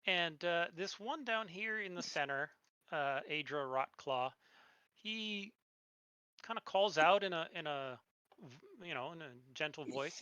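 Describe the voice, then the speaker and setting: A game master narrating a tabletop game with unhurried, descriptive scene-setting. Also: mid-range voice, lively intonation, pushed and bright, clear, resonant tone, no echo, dull audio.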